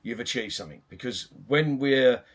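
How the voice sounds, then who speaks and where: A middle-aged man, a boxing coach telling stories in a podcast chat, animated and rambling with restarts. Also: mid-range voice, moderate pace. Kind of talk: conversational podcast storytelling.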